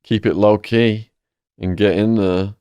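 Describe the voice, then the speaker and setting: A man with an English accent, a podcast host telling his own stories in a vivid, animated way. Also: on the low side, unhurried, smooth, no echo. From England. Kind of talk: storytelling in a conversation.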